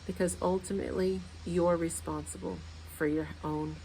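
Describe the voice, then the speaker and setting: A woman's voice: fairly low pitch, steady tone, normal speed, creaky, warm tone, slight background noise. A woman in her thirties hosting a casual motivational talk, earnest and repeating her points for emphasis. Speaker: podcast host.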